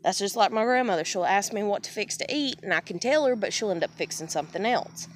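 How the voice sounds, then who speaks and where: A woman's voice: mid-range voice, expressive, fast. A woman in a casual personal monologue. She talks candidly, swears often, rambles, restarts sentences and keeps saying "you know.".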